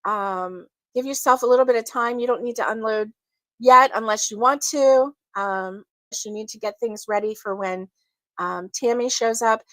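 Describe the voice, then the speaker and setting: A woman hosting a casual crochet livestream, chatting with viewers, giggling often and filling pauses with ums. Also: fairly high pitch, fairly bright tone, no room sound. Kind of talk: casual live chat with viewers.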